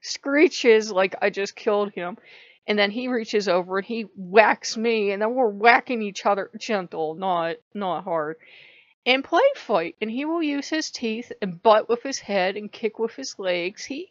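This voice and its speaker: A woman's voice: medium pitch, a little slow, no echo. Chatty woman spiritual vlogger, dry dull sound. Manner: chatty, animated, laughs often. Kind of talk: casual chat to camera.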